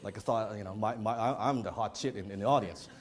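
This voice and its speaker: A man's voice: fairly low pitch, quick pace. A man giving a motivational business talk to a live audience, telling stories in a blunt, profane style and often repeating phrases. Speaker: business speaker. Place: event hall before an audience.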